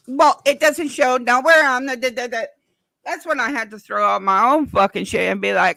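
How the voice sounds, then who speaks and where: A woman's voice: fairly high pitch, moderate pace, vocal fry, dry recording. A woman live streamer chatting casually with her audience, blunt and profane as she tells her stories. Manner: blunt and profane, animated storytelling. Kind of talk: casual livestream chat.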